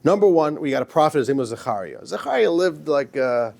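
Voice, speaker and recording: A man's voice: on the high side, sing-song, brisk, creaky, a little mellow. A man, a rabbi, giving an informal, emphatic lecture to a class, joking with his students.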